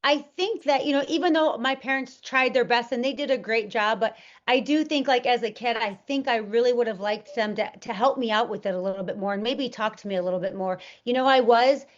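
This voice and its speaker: A woman's voice: a little high, highs cut off. A woman in an interview, telling a personal story in an earnest, rambling way with lots of "like" and "you know". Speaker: interview guest. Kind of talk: candid personal storytelling in conversation.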